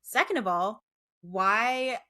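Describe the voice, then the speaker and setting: A woman's voice: fairly high pitch, slow, sharp tone. Chatty exasperated woman co-host. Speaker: podcast co-host. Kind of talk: casual chat.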